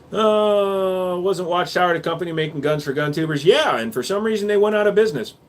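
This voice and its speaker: Blunt, joking man hosting a livestream. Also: a little high. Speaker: livestream host answering chat. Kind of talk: casual livestream chat.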